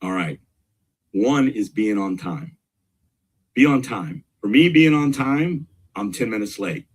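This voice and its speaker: Middle-aged male guest, husky, pushes his points with energy and repetition. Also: on the low side, slow pace. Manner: energetic, emphatic, repeats key points. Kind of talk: casual interview talk.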